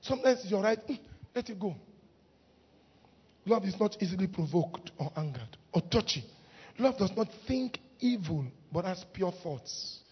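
A woman preaching a lively sermon in church, laughing often and breaking into shouts. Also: mid-range voice, moderate pace, husky. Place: church hall. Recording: muffled recording in a reverberant hall.

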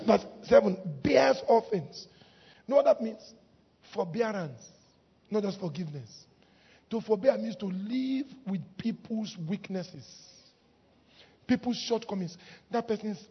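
A woman preaching a lively sermon in church, laughing often and breaking into shouts. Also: mid-range voice, a little slow, breathy edge. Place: church hall. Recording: muffled recording in a reverberant hall.

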